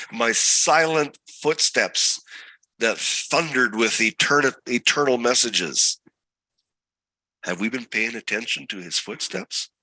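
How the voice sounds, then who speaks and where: A man's voice: mid-range voice, bright, forceful tone, dry recording, low-quality recording. A man teaching a scripture study lesson as a Bible teacher, asking his listeners one rhetorical question after another.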